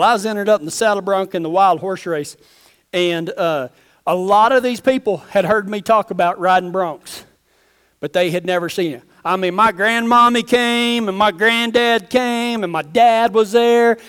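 A high-pitched man preaching in a loose, folksy storytelling way. He is a pastor who rambles through a personal tale and acts out the voices of the people in it. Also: a little slow, fairly bright tone, clear, resonant tone. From Texas. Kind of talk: storytelling sermon with closing prayer.

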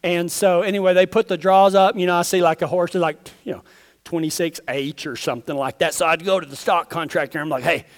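A man's voice: sits high, steady tone, fast. A man from Texas, a pastor telling a rambling, folksy story in a sermon and then leading a prayer. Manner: folksy, rambling storyteller who acts out quotes.

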